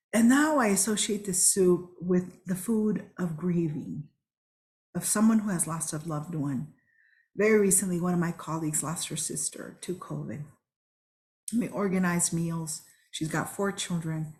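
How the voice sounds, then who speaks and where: A woman with a somewhat low voice gives a webinar talk. She tells her stories in an earnest, reflective way. She speaks over a video call. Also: a little slow, darkish tone. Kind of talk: storytelling talk.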